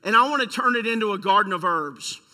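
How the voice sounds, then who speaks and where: A man's voice: sits high, expressive, fast talker, bright, forceful tone, full character voice, rough recording. A man doing a whining, pouting king. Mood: eager. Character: sulking, spoiled grown king.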